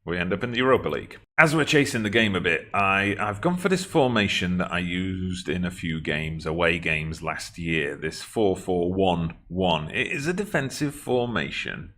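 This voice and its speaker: A man's voice: deep voice, expressive, normal speed, few pauses, fairly bright tone. A man casually commenting on his football management game as he plays, chatting to himself and to his team. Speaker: video game streamer.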